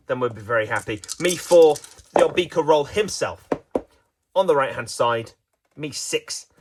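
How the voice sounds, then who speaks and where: A man's voice: fairly high pitch, noisy background. A man giving playful, self-mocking mock sports commentary on a dice game.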